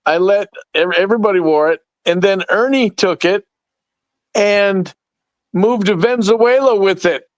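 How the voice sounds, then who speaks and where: A man speaking as a podcast guest in a smooth, clear voice that sits a little high. He talks thoughtfully, pausing on fillers. The sound is dry. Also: dry recording, poor audio. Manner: reflective, halting with fillers. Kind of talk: casual chat.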